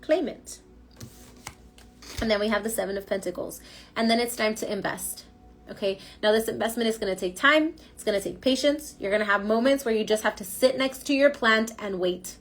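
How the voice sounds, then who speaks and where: A woman's voice: medium pitch, fairly quick, a bit bright, soft background music. A woman giving a casual spoken tarot reading, emphatic and slangy, coaching her listeners. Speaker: tarot reader.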